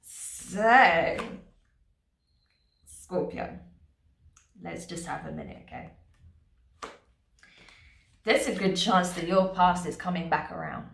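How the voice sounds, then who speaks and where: A woman chats through a tarot reading for her viewers, laughing often and tagging her points with "right?". Her voice sits fairly low with a gravelly edge. The room around her echoes. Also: slow, pauses often, a bit bright, slight background noise. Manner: chatty, laughing often, many fillers and tags like "right?". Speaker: tarot reader.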